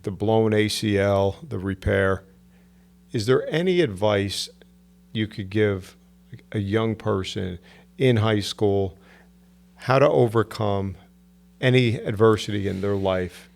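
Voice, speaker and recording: A man's voice: lowish voice, takes it slowly, vocal fry, long pauses, a little mellow. A man hosting a podcast, asking a guest short, curious questions in a casual tone. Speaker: podcast host.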